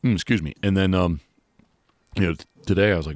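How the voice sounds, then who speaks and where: Male podcast host, very low voice, dry close sound, loose rambling chat. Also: quick pace, long pauses, dry recording. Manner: rambling, many restarts and fillers. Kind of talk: casual chat.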